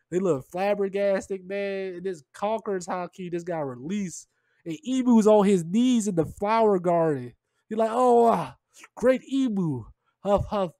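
A man's voice: high-pitched, dark tone, no room sound, clean studio sound. A man recapping and reacting to a comic chapter in a loose, slangy way, throwing in "man" and "bro" constantly. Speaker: manga chapter reviewer.

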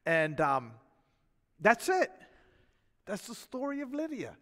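A man preaching a sermon as pastor, in a folksy, animated way with chuckles and asides. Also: high-pitched, slow pace, big-room sound. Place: church sanctuary.

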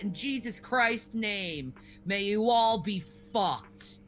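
A woman's voice: mid-range voice, lively intonation, takes it slowly, hardly any pauses, a bit bright, a little hiss or hum. An enraged woman streamer in a furious, profane tirade, stammering as she repeats herself. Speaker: livestreamer. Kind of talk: angry livestream rant.

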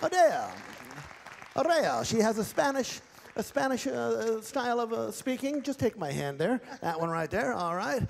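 A man's voice: very high voice, normal speed, gravelly, in a large hall, some chatter behind, slight background noise. A male ventriloquist on a large theatre stage, doing genial live comedy patter and teasing audience volunteers.

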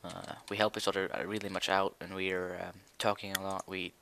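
A man's voice: low-pitched, little pitch movement, brisk, gravelly, sharp tone, a little hiss or hum. A young man chatting casually while he plays a building game, rambling and hesitant with many fillers. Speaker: gaming video creator. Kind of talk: casual Minecraft commentary.

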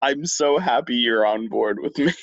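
A young man co-hosting a podcast in casual chat, talking in a slow, halting way with many restarts. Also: medium pitch, lively intonation, dry recording, muffled recording. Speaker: podcast co-host.

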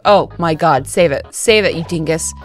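A woman's voice: low voice, moderate pace. A young woman doing casual, joking let's play commentary, swearing freely as she plays. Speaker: gaming streamer. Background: faint game music.

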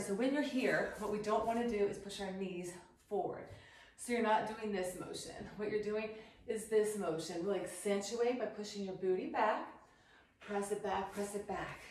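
A woman leading a yoga class, calmly cueing poses, counting holds and reminding the class to breathe. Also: fairly high pitch. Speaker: yoga instructor. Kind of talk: guided yoga class instruction. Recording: very echoey room, voice from a distance with faint noise.

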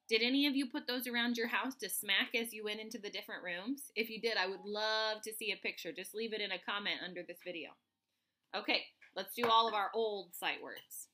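A woman teaching first grade remotely, spelling sight words out slowly, letter by letter, to children. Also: medium pitch, bright, forceful tone. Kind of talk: remote phonics lesson for children.

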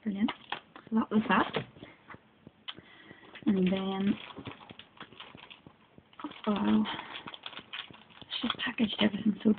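A chatty Northern Irish woman with a creaky, gravelly edge to her voice, gushing through an unboxing at home. She is recorded on her phone, and the sound is thin and phone-like with a clear hiss underneath. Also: mid-range voice, steady tone, slow, pauses often. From Northern Ireland. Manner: chatty and gushing, with many fillers. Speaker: crafting vlogger. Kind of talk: casual unboxing chat. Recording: tinny, noisy phone recording.

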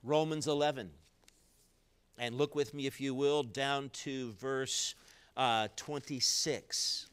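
A male pastor delivering a live sermon in a church, dropping low and quiet, then building to loud emphatic peaks. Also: steady tone, slow, smooth. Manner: preaching with wide swings in loudness, low and quiet then rising strongly. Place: church sanctuary, recorded live.

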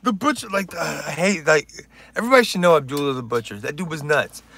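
A man chatting loosely on a livestream, cracking jokes and reading chat aloud. His voice sits fairly high for a man. The sound is close and dry, with no room echo. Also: lively intonation, quick pace, gravelly, a bit bright. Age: older. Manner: rambling, joking, reads chat aloud. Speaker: livestream host.

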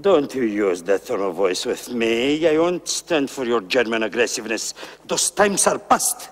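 An actor playing a pompous opera house manager who talks down to a singer. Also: male voice, medium pitch, expressive, unhurried, close to an everyday voice. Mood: stern. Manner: haughty, threatening.

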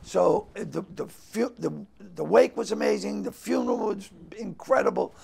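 Gravelly older man, lively storyteller. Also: high-pitched, moderate pace, crowd noise. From Boston. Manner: animated storyteller who acts out quotes with loud bursts. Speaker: comedian guest. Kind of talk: casual interview storytelling.

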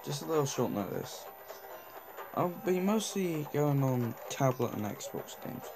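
Young man, gaming commentary, unhurried, muttering reactions, tablet mic. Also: a little high, expressive, over music. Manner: mumbling, self-talking, reacting to the game. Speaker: gaming channel host. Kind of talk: casual mobile game commentary.

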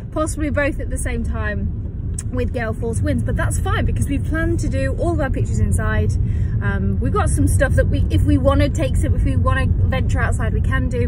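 A young woman talking to her phone camera in a rambling, animated, self-mocking vlog. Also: high voice. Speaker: vlogger. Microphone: phone held at arm's length. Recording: phone audio with street noise.

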